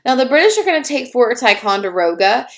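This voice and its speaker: A woman's voice: on the high side, sing-song, fast talker. A woman giving a casual history lecture, talking conversationally with fillers and little acted asides.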